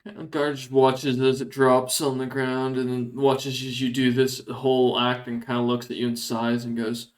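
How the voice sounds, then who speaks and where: A man's voice: mid-range voice, completely flat delivery, moderate pace, few pauses. A man narrating as game master of a tabletop game, rambling and hedging with fillers as he describes the scene.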